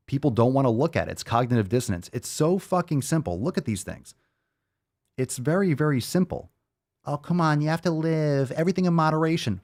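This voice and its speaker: A man's voice: lowish voice, a little mellow. A male podcast host ranting bluntly and profanely in a monologue.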